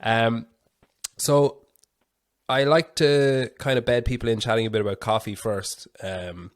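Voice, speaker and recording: A man's voice: medium pitch, steady tone, measured pace, dry recording, clean studio sound. A man in his thirties with an Irish accent, hosting a podcast in casual chat and telling stories in a rambling, chatty way full of fillers. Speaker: podcast host.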